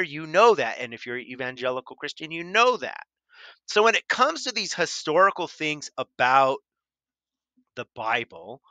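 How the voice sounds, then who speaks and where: A man's voice: mid-range voice, pushed and bright, smooth, no echo. A man delivers critical video commentary in a tense, cutting voice. He argues hard, repeats himself for emphasis and talks straight at his opponent. The recording is bone dry and close to the microphone. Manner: emphatic and repetitive; argumentative, addresses opponent directly. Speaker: commentary channel host.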